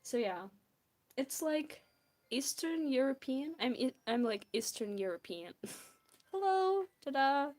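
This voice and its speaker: A woman's voice: a little high, animated, a little slow, darkish tone. A young woman from Belarus with a Belarusian accent, chatting casually and giggling with viewers while drawing on a stream. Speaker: art streamer.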